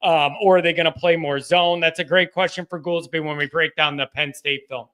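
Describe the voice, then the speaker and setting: A man's voice: fairly high pitch, steady tone, fairly quick, a bit bright, clear, resonant tone. A man hosting a live call-in sports talk show, blunt and combative as he answers viewers. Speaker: show host.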